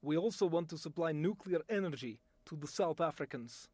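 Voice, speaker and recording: A man putting on a Russian accent as a stern official, speaking low, firm and formal. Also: expressive, a little fast, a little mellow, no echo.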